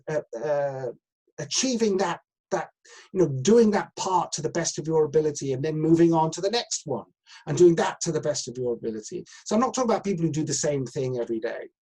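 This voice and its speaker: On a video call, a middle-aged man coaching actors live rambles on, full of filler words and false starts. He has a mellow, husky voice pitched a little high, captured in a low-quality recording.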